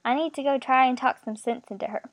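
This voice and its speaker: A woman voicing a worried, tearful woman who speaks in a high, pleading way. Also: fast, no room sound. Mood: anxious.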